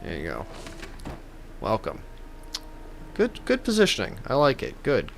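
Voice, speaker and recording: A man's voice: lowish voice, huge pitch swings, measured pace, creaky, slight background noise. A man giving comedic gameplay commentary as a gaming YouTuber, joking in a playful, mock-reverent way.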